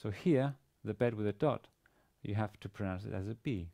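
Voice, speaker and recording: A man lecturing on a language lesson, speaking haltingly with many fillers and restarts. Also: on the low side, gravelly, dark tone. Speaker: university lecturer.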